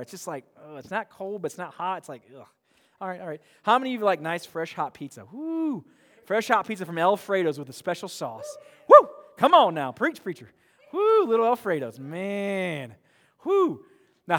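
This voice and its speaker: A man's voice: high voice, big pitch swings, a little fast, fairly bright tone. A man preaching a sermon in a church, talking conversationally with many restarts and acting out bored voices. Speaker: pastor. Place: church sanctuary. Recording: long hall reverb.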